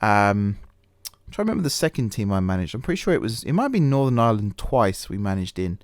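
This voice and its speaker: A man's voice: lowish voice, very animated, fast talker, dry recording. Rambling self-mocking man, dry close mic. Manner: rambling, self-deprecating, many fillers and restarts. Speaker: gaming channel host. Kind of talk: casual let's-play commentary.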